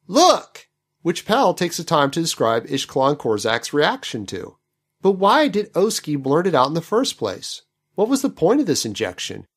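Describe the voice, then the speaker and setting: Wry, animated male podcast host. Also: medium pitch. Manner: wry, skeptical, picking apart plot logic. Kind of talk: book commentary podcast.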